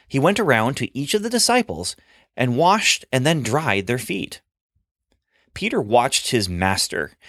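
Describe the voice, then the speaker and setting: Guy reading a kids bible story, super expressive, low voice, dry close sound. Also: no echo. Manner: expressive, dramatic, animated storytelling. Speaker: storyteller for a church children's ministry. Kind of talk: scripted Bible story narration for children.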